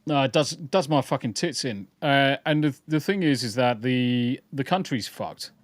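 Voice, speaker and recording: A man's voice: medium pitch, moderate pace. A man hosting a casual podcast, reading the live chat and ranting bluntly with plenty of swearing. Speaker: podcast host.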